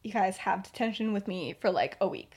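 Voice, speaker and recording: A woman voicing a stern, exasperated older female professor, speaking lower and more quietly than her narration. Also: expressive, a little fast, crowd noise, natural voice. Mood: weary.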